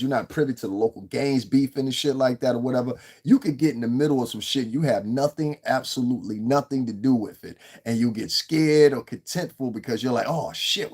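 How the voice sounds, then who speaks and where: Cursing, rambling New man. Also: medium pitch. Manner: profane, rambling, animated. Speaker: livestream host. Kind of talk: livestream commentary.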